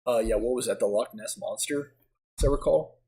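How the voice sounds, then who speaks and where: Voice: mid-range voice, a little fast, warm tone, rough recording. A streamer reading game text aloud and chatting casually, often laughing at their own reading. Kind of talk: let's play commentary and dialogue reading.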